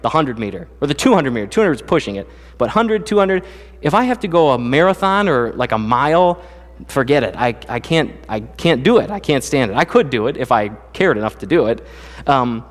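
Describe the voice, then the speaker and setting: Big-room sound surrounds this medium-pitched man as he preaches from a church sanctuary. As pastor, he keeps the sermon casual and chatty, a joking storyteller sharing funny tales from his life.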